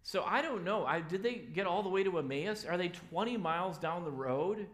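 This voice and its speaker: A man's voice: sits high, lively intonation, normal speed, a bit bright. A man preaching a sermon as a pastor in a church, telling the story casually and acting out the voices of the people in it. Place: church sanctuary.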